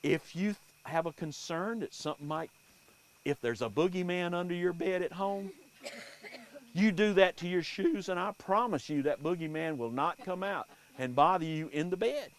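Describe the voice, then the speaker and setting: A man telling folk tales and superstitions to a live audience in an unhurried, animated way. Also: sits high. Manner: unhurried, animated, folksy delivery. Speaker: storyteller.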